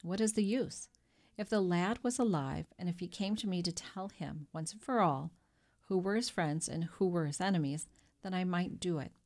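A woman's voice: on the low side, moderate pace, a little mellow, close to an everyday voice. Woman reading as a greedy wavering innkeeper. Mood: wary. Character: greedy anxious male innkeeper, middle-aged.

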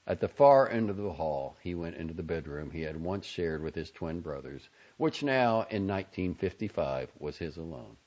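A man narrating a novel as an audiobook, reading in a measured, expressive storytelling manner. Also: deep voice, muffled recording.

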